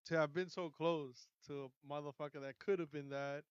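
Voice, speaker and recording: A man's voice: on the high side, fairly even intonation, moderate pace, clear, resonant tone, no echo, highs cut off. A man co-hosting a casual podcast chat, laid-back and slangy, mixing in some Spanish. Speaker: podcast co-host.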